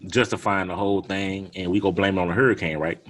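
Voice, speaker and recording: A man, co-hosting a podcast in animated, laughing casual chat. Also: sits low, fast talker. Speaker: podcast co-host.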